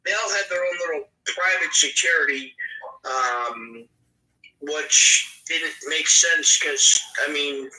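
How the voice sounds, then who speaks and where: A man's voice: on the high side, slow, sharp tone, echoey room, distant mic, poor audio. A man hosting a podcast, recapping events in a casual, rambling way with plenty of fillers. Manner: rambling, filler-heavy storytelling. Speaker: podcast host.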